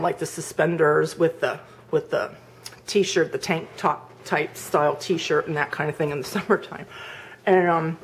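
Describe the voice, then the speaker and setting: Middle-aged woman, home cooking vlogger, loose and rambling, lots of fillers, demonstrating as she talks. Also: lowish voice. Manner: chatty and rambling, full of "like" and "um"; demonstrates with hands while talking. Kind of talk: casual cooking vlog chat.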